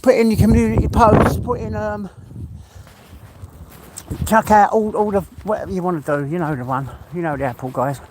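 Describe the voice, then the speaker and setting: A man's voice: high-pitched, steady tone, moderate pace, background noise. An English man live-streaming as he walks his dog outdoors, chatting and rambling to viewers, out of breath, often laughing and greeting people by name. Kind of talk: casual chat to live viewers while walking.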